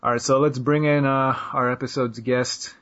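A man's voice: mid-range voice, little pitch movement, normal speed, fairly bright tone. A young man hosting a podcast, chatting loosely and joking around with his co-host. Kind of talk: casual chat. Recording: slightly muffled lo-fi audio.

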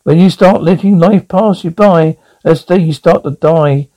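A man playing a calm fatherly old friend. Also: fairly high pitch, moderate pace, close to an everyday voice. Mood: advising.

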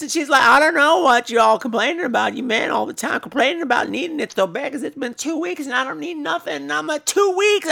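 Man putting on a loud crude guy in a costume, high bright voice, gravelly, shouty. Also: heavily acted. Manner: boisterous, crude, drawn-out exclamations.

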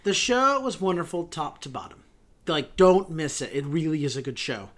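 A man's voice: on the high side, expressive, normal speed. A man co-hosting a podcast, gushing emphatically about a show and reading the sign-off. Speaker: podcast co-host. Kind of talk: casual theater review chat.

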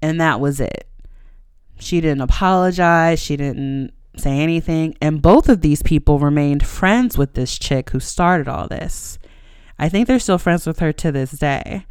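Young woman podcaster, frank, emotional storyteller, smooth voice, dry close sound. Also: low voice, unhurried, a little mellow, dry recording. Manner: emotional, frank, swears casually, many fillers. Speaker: podcast host. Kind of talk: candid personal storytelling.

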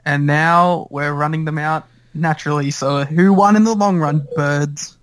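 A man's voice: on the high side, steady tone, unhurried, a bit bright. A man hosting a podcast, chatting in an easygoing way and laughing often. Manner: giggly, easygoing. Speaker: podcast host. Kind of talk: casual chat.

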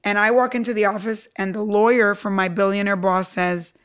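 A woman's voice: medium pitch, a little fast, clean tone. A middle-aged woman from Cuba, an entrepreneur guest, telling her story with emphatic energy in a podcast interview. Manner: animated, emphatic, acts out quotes.

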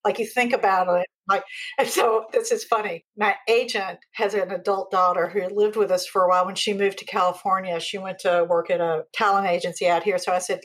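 A woman in her fifties, a guest author chatting in an interview, telling animated stories and acting out quoted lines. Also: medium pitch, fairly quick, poor audio. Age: 50s. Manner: animated storytelling, acts out quotes. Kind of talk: casual interview chat.

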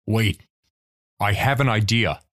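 A man playing a tabletop game, speaking slowly and haltingly in a mock-proud way. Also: on the low side, a bit bright. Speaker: player. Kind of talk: in-character tabletop play.

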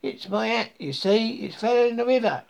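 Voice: mid-range voice, expressive, normal speed, vocal fry, a little mellow, dull audio, voice pushed up. A reader voicing a grumpy, weepy bat in a rhyming children's story, whiny and fretful.

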